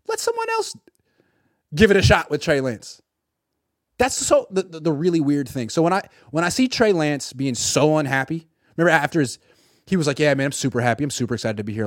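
Sarcastic and animated, a man does solo sports reaction commentary, acting out made-up quotes from the people he discusses. His voice sits on the high side, and the recording is dry and studio quality.

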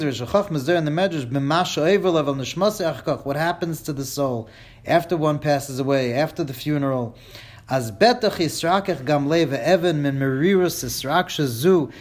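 A man teaching a class, reading lines of a Hebrew text aloud and translating each into English with dramatic emphasis and a wry humor. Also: fairly high pitch. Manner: reads Hebrew lines then translates them line by line, dramatic; wry, jokes with listeners. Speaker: Torah teacher.

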